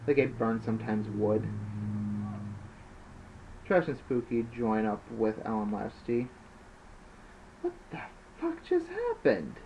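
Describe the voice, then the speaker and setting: A man with a fairly low, mellow voice reads his own story aloud like an amateur audiobook narrator, plainly and with the odd slip. The recording is dull and lo-fi, with a faint hiss.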